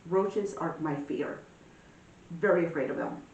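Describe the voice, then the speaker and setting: A woman giving a casual tarot reading, talking in a chatty, animated way with many fillers. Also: unhurried, far from the mic, lo-fi sound. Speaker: tarot reader. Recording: echoey room, voice a bit off-mic, faint rumble.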